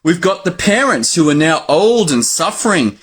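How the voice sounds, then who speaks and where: Animated husky Australian man. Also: a little high, normal speed. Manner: animated, acts out his own exclamations. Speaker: doctor and educator. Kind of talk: educational talk to doctors.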